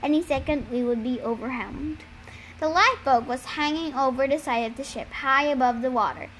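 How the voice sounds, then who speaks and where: High-voiced woman reading a novel aloud. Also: moderate pace, slight background noise. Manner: steady storytelling narration. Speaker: reader.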